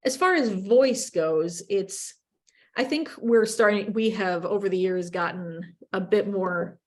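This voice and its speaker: A woman radio journalist with an upper Midwestern accent, answering interview questions in a chatty, animated way with quick bursts and self-corrections. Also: mid-range voice. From upper Midwest of the United States.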